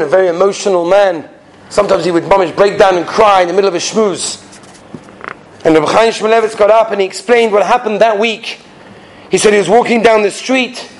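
A man giving a weekly Torah sermon, telling stories with strong feeling and swinging between loud and soft. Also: rough recording. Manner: emotional storytelling, rises high and loud in retold quotes, sinks soft at the close.

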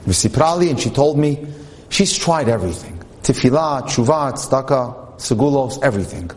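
A middle-aged man speaking earnestly at a singles event, at a middle pitch. He reads a story aloud and translates Hebrew lines as he goes. A faint hum sits behind him. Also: lively intonation, normal speed. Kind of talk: religious talk with story reading.

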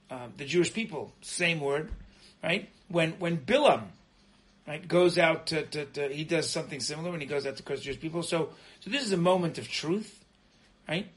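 Animated middle-aged rabbi teaching. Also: male voice, on the high side, low-quality recording. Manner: animated, frequently asks "right?"; repeats words when starting sentences. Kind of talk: informal Torah lesson.

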